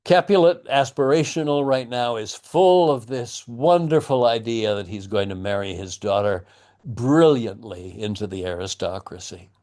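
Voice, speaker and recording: A man's voice: mid-range voice, expressive, moderate pace, a little mellow. A man teaching a class on a play, explaining in a thoughtful, wry way. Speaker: acting teacher. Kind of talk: lecture on a play with readings.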